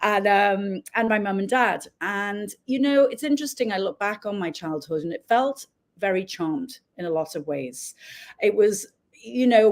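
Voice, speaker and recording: Middle-aged woman, softened Liverpool accent, chatty interview guest. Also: mid-range voice. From England. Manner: chatty, laughs often. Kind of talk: interview conversation.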